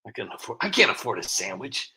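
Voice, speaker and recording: A man's voice: lowish voice, big pitch swings, fast talker, bright, forceful tone, husky. Rambling, sarcastic man streaming live. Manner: rambling, sarcastic, self-mocking. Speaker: streamer host. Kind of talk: casual live-stream chat.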